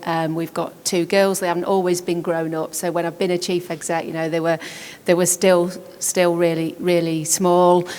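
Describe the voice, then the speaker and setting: Woman, chief executive, lowish voice, measured, hall reverb. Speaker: football club chief executive. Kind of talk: panel discussion. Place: conference hall.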